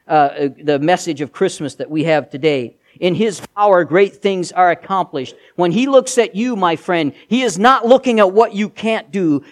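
Pastor, male, higher voice, preaching with emphatic repeated refrains. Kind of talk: sermon.

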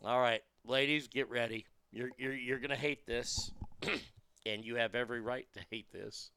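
A show host reads the news aloud and mocks it with crude, profane jokes and laughter. His medium-pitched voice is pushed, bright and clean, with fairly even intonation at a moderate pace.

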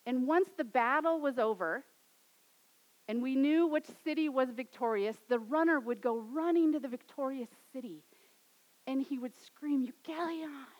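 A woman in her thirties preaching a sermon, swinging from loud, dramatic rises to soft, quiet endings. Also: high voice, normal speed, lo-fi sound. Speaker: pastor.

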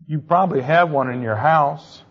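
A man's voice: a little high, moderate pace, breathy edge, muffled recording. A man giving a classroom lecture in a conversational way, quizzing his students with questions as he goes.

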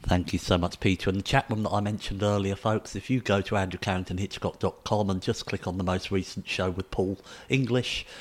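A man hosting a radio interview, relaxed and hesitant with many fillers. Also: low-pitched. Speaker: radio show host.

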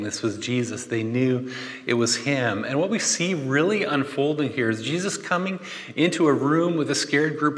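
A man preaching a conversational sermon, animated and chatty, with joking asides. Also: mid-range voice. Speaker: pastor. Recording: long hall reverb.

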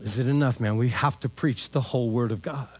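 Preaching at a brisk clip, this pastor has a medium-pitched voice and an animated, conversational style. His casual sermon is peppered with "man" and "all right?" at the ends of lines.

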